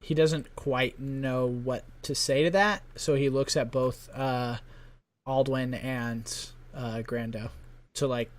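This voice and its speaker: A man's voice: medium pitch, fairly even intonation, takes it slowly. A man acting as game master, narrating a tabletop game casually with lots of fillers. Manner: casual, many fillers and likes.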